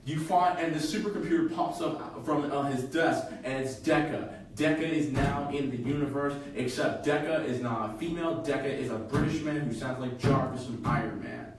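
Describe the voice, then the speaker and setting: A man casually retelling a fan fiction story on a podcast, halting and full of fillers. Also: medium pitch. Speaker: podcast co-host. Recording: echoey room, from far off.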